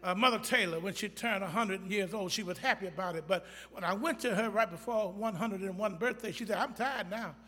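A man preaching a sermon, swinging between loud emphatic delivery and quiet pleading, acting out scripture in everyday speech. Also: sits high, a little fast, hardly any pauses, in a large hall. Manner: acts out scripture quotes in colloquial speech.

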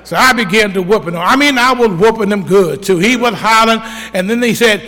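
An older pastor preaches in church, sharing stories from his own life and calling out amens along the way in a folksy manner. His voice sits high and runs a little fast, heard in a large, very noisy sanctuary.

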